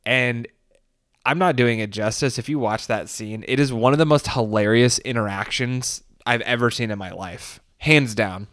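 A man's voice: medium pitch, moderate pace, a bit bright, no echo, clean studio sound. A man casually recapping a documentary, rambling with fillers, restarts and laughs. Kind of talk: casual commentary.

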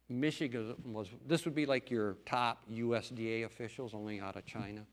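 A man's voice: medium pitch, fairly even intonation, normal speed, few pauses. Earnest folksy middle-aged man preaching. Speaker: lay preacher and farmer. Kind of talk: church testimony talk.

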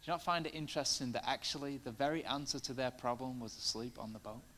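A man's voice: mid-range voice, fast talker, pushed and bright, a little hiss or hum. A man preaching a sermon in a conversational way, full of fillers, building to passionate emphasis.

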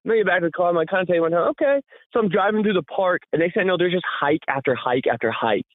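A man chatting on a podcast, spinning a loose, excited story and laughing as he goes. His voice sits a little high and comes through tinny and narrow, like a phone line, with no room echo at all. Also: racing. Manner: rambling, animated storytelling with frequent laughs. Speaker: podcast co-host. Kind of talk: casual podcast chat.

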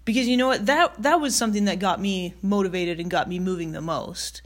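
A woman's voice: mid-range voice, fairly quick. A woman delivers a motivational talk in a direct, conversational way. She presses her points with repeated rhetorical questions and loose, casual phrasing. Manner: emphatic, repetitive, direct address with rhetorical questions; casual with fillers and mild swearing. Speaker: motivational speaker.

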